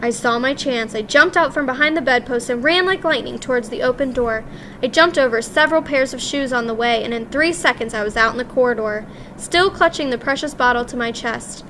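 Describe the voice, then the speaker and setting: A woman narrating a children's story in the first person, in a lively, expressive way. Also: fairly high pitch, a little fast, slight background noise. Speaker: audiobook reader.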